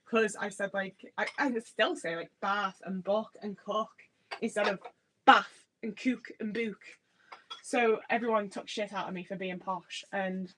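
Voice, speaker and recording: This livestreamer's voice is medium-pitched and fairly bright, recorded at low quality with slight background noise. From the Midlands, with a hint of Liverpool in her accent, the young woman bakes in her kitchen and chats with viewers, rambling, swearing freely, and joking at her own expense.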